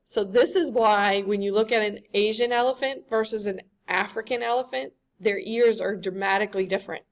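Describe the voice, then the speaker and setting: A woman's voice: medium pitch, fairly even intonation, moderate pace, hardly any pauses. A woman giving a classroom lecture, conversational and often checking in with the students.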